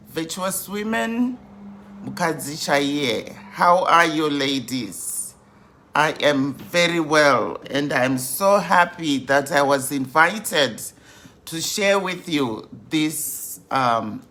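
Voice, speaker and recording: A hoarse woman, a life coach greeting viewers over and over on a live-stream talk to an online group. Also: deep voice, lively intonation, very slow, a bit bright. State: hoarse, sore throat.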